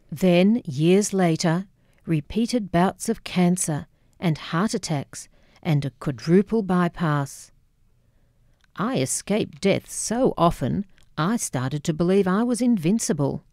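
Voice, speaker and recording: A woman narrating her own memoir as an audiobook, measured and wry. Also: on the low side, dark tone, dry recording, studio quality.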